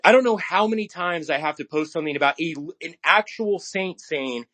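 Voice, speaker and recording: Brief: an agitated male podcast co-host, blunt and ranting, higher-pitched voice. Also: a little fast, few pauses, bright, forceful tone. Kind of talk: casual podcast chat.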